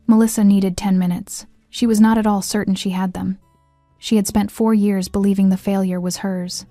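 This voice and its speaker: A woman reads a story aloud at a measured, even pace, her dark, mellow voice staying almost level in pitch. The recording is dry, with soft music playing faintly beneath her.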